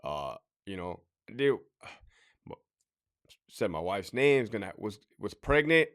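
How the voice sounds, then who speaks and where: A man telling a personal story in a casual, emotional, halting way, repeating phrases and sighing. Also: fairly low pitch, very animated, fairly bright tone.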